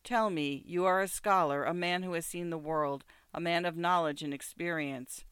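Reader doing a worn-out beggar woman, earnest, secretive, smooth voice, dry recording. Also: medium pitch, fairly even intonation, moderate pace, fairly bright tone, no echo, close to an everyday voice. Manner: intense, earnest questioning. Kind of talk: audiobook character voice.

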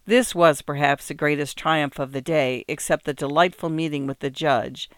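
A man narrating an old-fashioned storybook in a gentle, even, unhurried reading voice. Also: fairly high pitch, clean tone, no room sound, clean studio sound. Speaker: audiobook narrator.

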